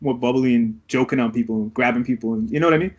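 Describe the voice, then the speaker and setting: A man's voice: mid-range voice, quick pace, muffled recording. A man co-hosting a casual podcast chat, asking questions and laughing along. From Trinidad. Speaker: podcast co-host.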